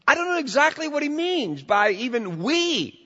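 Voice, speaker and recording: A man preaching a sermon as pastor, animated and emphatic, often repeating words as he builds to his points. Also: extremely high pitch, moderate pace. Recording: dull sound with long church reverb.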